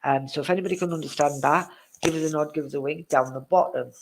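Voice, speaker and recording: A woman talks through a live-streamed psychic reading in a gravelly, creaky voice. She is chatty and keeps circling back over the same phrases. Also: low voice, quick pace, a little hiss or hum, low-quality recording. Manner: chatty, repetitive, laughs at tech trouble. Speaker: psychic medium. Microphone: live-stream setup with a glitchy connection.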